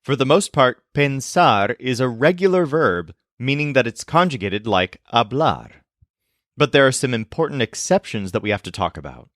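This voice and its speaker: A man teaching a language lesson, explaining step by step and sounding out example words slowly and carefully. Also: medium pitch, sing-song, a bit bright, no echo, studio quality.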